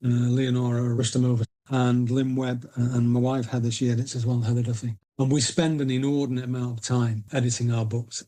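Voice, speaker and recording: A man's voice: medium pitch, level tone, fairly quick, hardly any pauses, dark tone. A middle-aged man with a Northern English accent, telling self-mocking stories as a podcast guest. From Northern England. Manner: chatty, self-mocking anecdotes. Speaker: guest, indie publisher. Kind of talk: casual storytelling interview.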